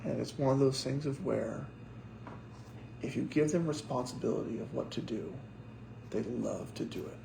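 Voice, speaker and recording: A young man with a gravelly edge preaches in a relaxed, storytelling way. He acts out the voices of the people in his stories. A faint hiss sits under the recording. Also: medium pitch, moderate pace, long pauses, reverberant. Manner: animated storyteller acting out quotes. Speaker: pastor. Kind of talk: casual sermon storytelling.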